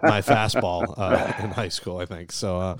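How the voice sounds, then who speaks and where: A man's voice: sits low, fairly even intonation, measured pace. A man hosting a casual chat, joking and self-deprecating. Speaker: podcast host.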